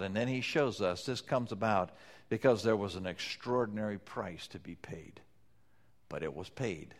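A man preaching a sermon, swinging between loud pleading passages and soft, low-spoken lines. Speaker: pastor.

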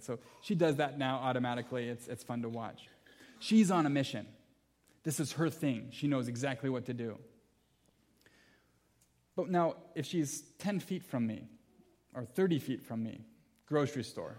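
A man's voice: medium pitch, normal speed, a little mellow. A man preaching a sermon in an earnest, emphatic way, repeating key phrases and weaving in personal stories with light humor. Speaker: pastor.

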